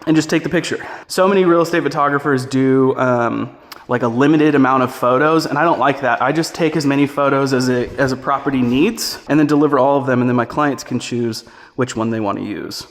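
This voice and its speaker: Man, photography instructor, casual tutorial, chatty, mid-range pitch, indoors walkthrough. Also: a little fast. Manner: relaxed, chatty, talks through each step as he works. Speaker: real estate photography instructor. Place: indoors walking through a house.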